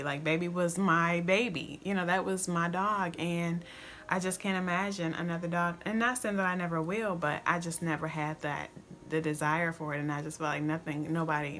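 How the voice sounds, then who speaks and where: Soft-spoken woman vlogger, reflective. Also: on the low side, creaky. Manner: soft, reflective, halting with restarts. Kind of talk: story-time vlog to camera.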